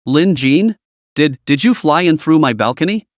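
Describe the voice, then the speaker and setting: A man narrator voicing a panicked, tearful young woman, raising his voice higher and pleading. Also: animated, moderate pace, a little mellow, no echo, clean studio sound. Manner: frantic, pleading, raised pitch.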